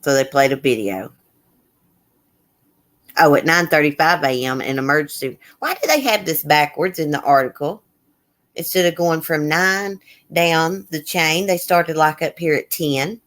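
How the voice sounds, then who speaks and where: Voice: mid-range voice, a little slow, fairly bright tone. Blunt, indignant live-stream host. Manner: chatting with viewers in the chat. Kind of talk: casual live-stream commentary, reading news aloud.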